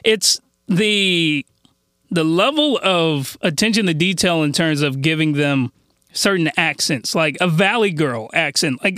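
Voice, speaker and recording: Excited young man reviewing anime. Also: high voice, moderate pace, no room sound, studio quality. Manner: enthusiastic, laughing, lots of restarts. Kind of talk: casual review chat.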